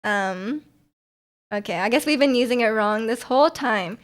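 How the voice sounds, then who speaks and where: This young woman's voice is on the high side and animated, moving at a moderate pace as she streams. She casually talks with viewers, reads their comments, and rambles with lots of ums and false starts, sounding slightly sore.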